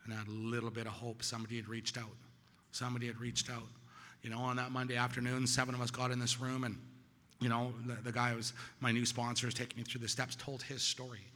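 A middle-aged man giving personal testimony at a recovery meeting, telling his story with sudden loud peaks and quiet drops. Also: mid-range voice, completely flat delivery, fast talker, in a large hall.

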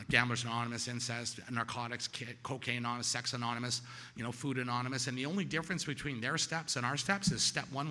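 In a room with a long reverb tail, a middle-aged man recounts his personal story at a recovery meeting. His mid-range voice lurches between sudden loud bursts and quiet dips.

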